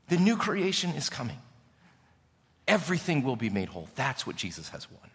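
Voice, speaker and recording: A male pastor preaching a sermon, emphatic, swinging from loud declarations to hushed, intimate passages. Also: medium pitch, big pitch swings, moderate pace. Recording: long hall reverb.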